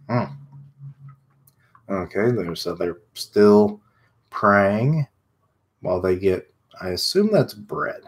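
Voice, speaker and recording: Male streamer, low voice, plain read-aloud with offhand reactions. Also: lively intonation, slow pace, long pauses, husky. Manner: reads dialogue plainly, breaks off with casual asides. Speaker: streamer reading a comic aloud.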